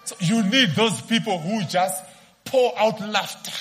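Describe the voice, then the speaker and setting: A man preaching a sermon in short phrases that pause for an interpreter, rising to shouts of praise. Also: high voice.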